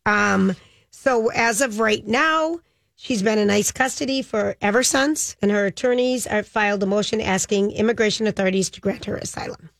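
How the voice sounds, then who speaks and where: A woman in casual conversation, walking a listener through a story with many ums and offhand "blah, blah" asides. Her voice sits at a middling pitch. The sound is dry and close, with no room echo. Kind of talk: casual chat, retelling a news story.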